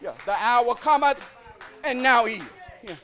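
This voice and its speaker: In a church, a man preaches a sermon in a very high-pitched voice at a measured pace. He repeats lines rhythmically and calls out to the congregation, his call-and-response building to shouting.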